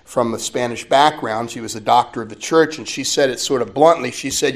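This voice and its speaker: A man, a friar, preaching a sermon to a religious conference in an animated, conversational way, with asides to his listeners. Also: medium pitch, normal speed. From United States.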